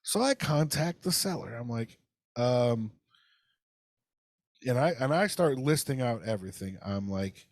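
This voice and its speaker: A man's voice: medium pitch, lively intonation, unhurried, long pauses, no echo, studio quality. A man co-hosting a casual podcast, telling a heated, profane story and acting out phone calls. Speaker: podcast co-host. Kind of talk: casual ranting podcast chat.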